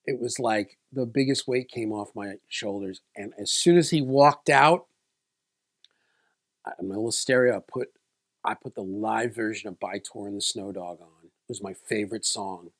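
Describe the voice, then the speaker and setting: A man's voice: fairly low pitch, normal speed. A man in a casual vlog, telling a personal story in a loose, rambling way with many restarts. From South Florida. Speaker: video creator.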